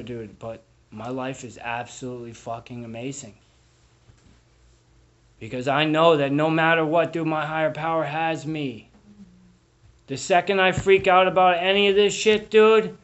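In a Boston accent, a young man recounts his recovery to a crowd in a loose, profane way stuffed with "dude" and "like." His mid-range voice is a bit bright, and the highs are cut off.

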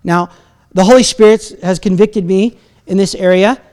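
A man's voice: high voice, fairly even intonation, normal speed, darkish tone, smooth. A man preaching a sermon as pastor, talking in a conversational, self-deprecating way with asides and laughs.

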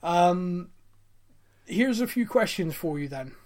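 A man's voice: high-pitched, takes it slowly. A man with a West Country English accent co-hosting a casual podcast chat, telling stories and joking. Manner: chatty, jokey, animated storytelling. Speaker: podcast co-host.

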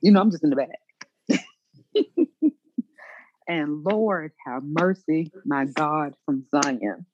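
A woman co-hosting a loose conversation, animated and emphatic and quick to laugh. Her voice is husky and her pitch rises and falls with lively swings. The recording sounds dull and lo-fi. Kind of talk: casual chat among friends.

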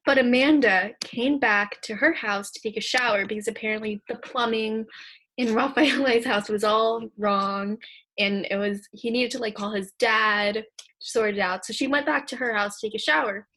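Breathy-voiced teenage girl, giggly co-host. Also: a little high, steady tone, normal speed, a bit bright. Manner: chatty, giggly storytelling. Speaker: podcast co-host. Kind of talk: casual chat.

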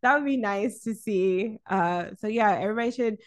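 A woman co-hosts a podcast, chatting casually about films in a mid-range voice at normal speed. She is animated, laughs often, and swears freely.

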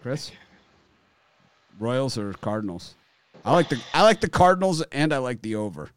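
Animated man hosting a sports chat. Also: mid-range voice, moderate pace. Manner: animated, laughs a lot, rants. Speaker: podcast host. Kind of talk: casual sports betting chat.

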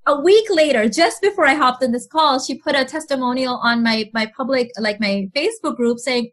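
A woman speaking as a mentor guest in a podcast interview, animated, acting out other people's voices and laughing often. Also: high-pitched, normal speed, hardly any pauses.

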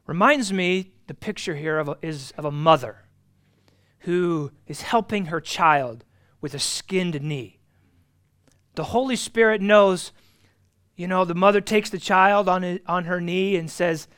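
Teaching an adult Bible class, this man speaks earnestly and emphatically, repeating key phrases and moving between loud stresses and quiet asides. His voice is high and expressive, and he takes his time.

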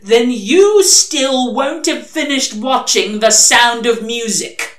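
A woman's voice: on the high side, animated, voice pushed up. A woman voicing a sly male demon who presses his arguments urgently. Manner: pushy, fast-pressing arguments. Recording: echoey room.

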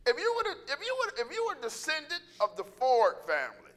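A man preaching a sermon, animated and joking, acting out little voices and calling out to the congregation. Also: very high-pitched, brisk. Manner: animated, joking, acts out voices, laughs often; calls out to congregation.

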